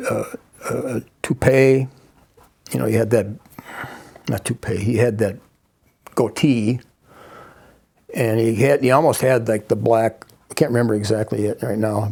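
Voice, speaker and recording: Older man telling a story haltingly. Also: medium pitch, creaky, darkish tone. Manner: halting, many restarts and asides. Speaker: guest. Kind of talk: personal storytelling.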